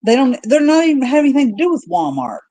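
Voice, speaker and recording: Mellow-voiced woman cracking wry jokes. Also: sits high, sing-song, quick pace, slight background noise, rough recording. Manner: wry joking interjections. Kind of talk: casual chat.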